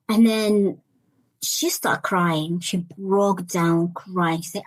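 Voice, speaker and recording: A young adult woman guest sharing a personal story in an interview, earnest and halting, often repeating words as she searches for them. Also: mid-range voice, no echo, poor audio. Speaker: interview guest, life coach. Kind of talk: personal testimony in conversation.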